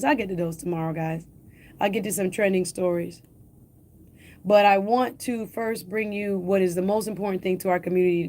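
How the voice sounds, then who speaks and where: A woman's voice: mid-range voice, a little mellow. A woman hosting a radio talk show, speaking urgently and emphatically to her listeners, repeating key points and asking rhetorical questions.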